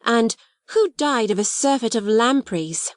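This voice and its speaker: A woman reading aloud and voicing a slow, reflective young schoolgirl who speaks plainly. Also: a little high, expressive, no room sound, clean studio sound.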